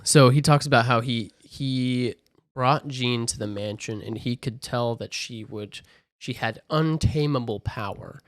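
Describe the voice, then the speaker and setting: Animated man recapping a film. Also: mid-range voice, no echo, clean studio sound. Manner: animated, acts out characters in quick voices. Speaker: podcast co-host. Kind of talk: casual movie recap chat.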